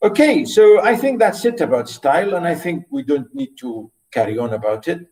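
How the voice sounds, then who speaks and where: Male literature lecturer, rambling and repetitive delivery, slightly high voice, echoey room. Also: huge pitch swings, quick pace, darkish tone. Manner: rambling, repeats himself, many fillers. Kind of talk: recorded university lecture.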